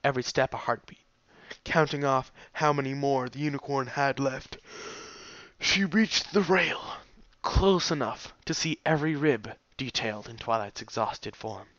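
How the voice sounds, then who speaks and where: A man narrates a fan fiction story in a steady, measured way. His voice is bright and forceful, captured dry and close. The sound is dull and lo-fi. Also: medium pitch, no echo. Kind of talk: audiobook reading of fan fiction.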